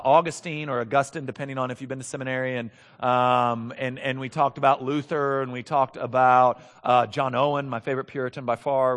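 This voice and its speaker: A man with a mid-range, fairly bright voice preaches a sermon as a pastor. He is earnest and emphatic, often repeating words as he builds his points, and a long hall reverb surrounds him.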